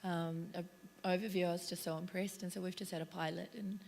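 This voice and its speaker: A woman speaking on a conference panel about relocation and onboarding, enthusiastic and chatty, her voice slightly squeaky. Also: steady tone, a little fast, creaky, darkish tone, a little hiss or hum. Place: conference stage.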